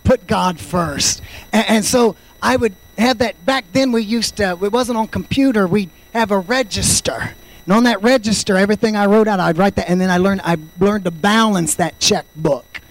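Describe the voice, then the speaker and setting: A man in his fifties preaching a sermon, fervent, swinging between loud shouts and quiet storytelling. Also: sits high, normal speed, low-quality recording. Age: 50s. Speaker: pastor.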